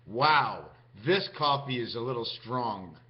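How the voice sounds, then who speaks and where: A man's voice: medium pitch, animated, slow pace. A man vlogging in a rambling, free-associating monologue, musing aloud as he goes. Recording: dull lo-fi recording.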